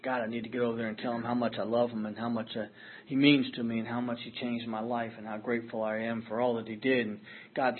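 Middle-aged man, husky, earnest and self-deprecating recovery speaker; lo-fi phone-band audio. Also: medium pitch, flat delivery, fast. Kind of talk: personal storytelling talk.

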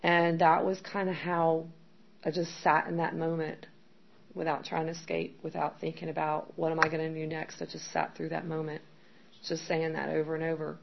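Gravelly low-voiced woman giving candid testimony. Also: completely flat delivery, normal speed. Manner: candid, rambling with frequent "like" and "um". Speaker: speaker sharing her recovery story. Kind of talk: personal testimony. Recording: dull lo-fi sound with faint background noise.

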